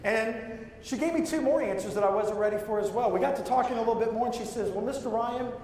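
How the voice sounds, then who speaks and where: Man, motivational speaker, high voice, storytelling to a crowd, booming hall echo, distant mic. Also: fast talker, darkish tone, slight background noise. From Louisiana. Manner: storytelling, engages the audience with questions. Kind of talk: live motivational keynote speech. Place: large hall with audience. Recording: echoey hall, from far off.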